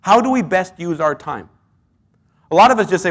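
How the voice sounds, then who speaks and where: Male pastor, high voice, earnest sermon delivery with lots of rhetorical questions. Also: lively intonation, brisk, fairly bright tone.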